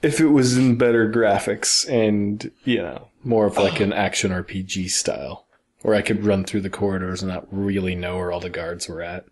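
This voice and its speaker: A man's voice: deep voice, fairly even intonation, normal speed. A young man co-hosting a casual gaming podcast, joking around and laughing often. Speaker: podcast co-host.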